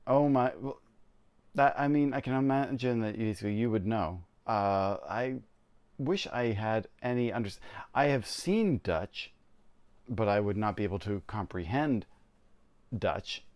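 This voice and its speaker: Chatty, laughing streamer from Canada. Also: male voice, on the low side, unhurried, a little mellow, smooth. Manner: chatty, laughing, self-deprecating. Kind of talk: casual gameplay chat.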